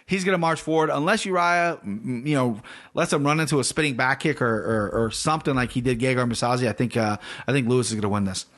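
A man's voice: medium pitch, fast talker, fairly bright tone. A man hosting a casual solo podcast, rambling through fight predictions off the cuff, swearing now and then and correcting himself often. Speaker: podcast host picking fights.

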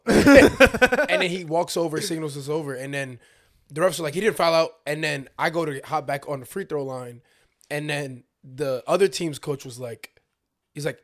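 A young man, a basketball player, telling a story in casual chat, animated and slangy, acting out the people in it. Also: on the high side, normal speed. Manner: animated, acts out voices in his stories, slangy.

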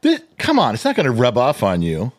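A man's voice: mid-range voice, wildly swooping pitch, brisk. A middle-aged man co-hosting a podcast in casual chat, telling stories animatedly, mimicking voices and swearing. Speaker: podcast co-host.

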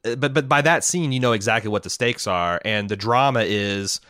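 A man's voice: on the low side, brisk, sharp tone, clean tone, dry recording, clean studio sound. A man co-hosting a casual film discussion, rambling and enthusiastic, with many restarts. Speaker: podcast co-host.

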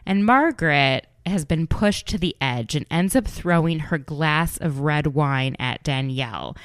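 A woman hosting a podcast, recapping reality television in an animated, gossipy way and acting out the cast members' quoted lines. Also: sits low, normal speed, hardly any pauses, smooth, no echo, studio quality. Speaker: podcast host.

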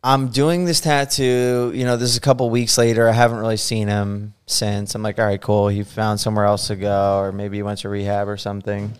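A man telling a story in casual chat as a podcast guest. He gets animated, laughs as he goes and acts out what people said. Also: on the low side, fairly quick, hardly any pauses, clean tone.

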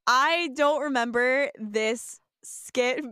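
A woman's voice: high voice, extremely slow, bright, forceful tone, clean tone, dry recording, clean studio sound. A young woman co-hosting a casual podcast, recapping an episode, laughing often and swearing freely. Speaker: podcast co-host.

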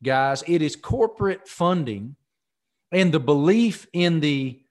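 A man's voice: a little high, expressive, slow. A man hosting a podcast, explaining things to listeners in a folksy, casual way. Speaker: podcast host. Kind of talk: casual interview talk.

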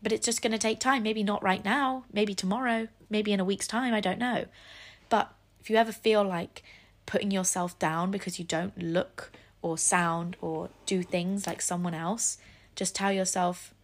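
A woman's voice: medium pitch, steady tone, moderate pace. A young woman hosting a solo podcast, speaking earnestly and encouragingly, with self-deprecating asides. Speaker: podcast host.

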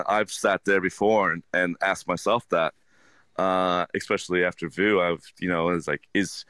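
Low bright-voiced man, earnest. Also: smooth, dry recording. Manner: earnest, halting with many restarts and fillers. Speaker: restaurant owner and chef. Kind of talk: casual interview talk.

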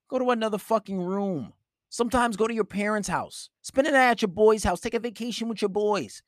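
A blunt, foul-mouthed man lectures on dating in a dry, close recording. His voice sits high for a man and stays forceful and direct. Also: moderate pace, dry recording. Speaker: relationship advice host. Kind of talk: blunt advice monologue.

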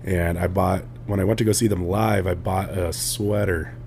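A man's voice: low-pitched, normal speed, creaky, slight background noise. A young man co-hosting a podcast, telling stories casually, laughing often and acting out quotes, sounding tired. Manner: laughs often, animated storytelling with voiced quotes. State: tired, drowsy. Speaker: podcast co-host.

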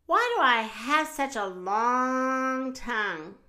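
A woman voicing a small, curious boy bear cub who asks eager, excited questions in a storybook. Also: high-pitched, slow, heavily acted.

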